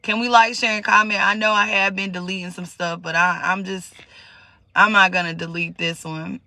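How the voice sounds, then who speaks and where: High, gravelly man live-streaming. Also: level tone, normal speed, sharp tone, no room sound. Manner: emotional, repeats words, greets viewers by name. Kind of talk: casual live-stream talk to viewers.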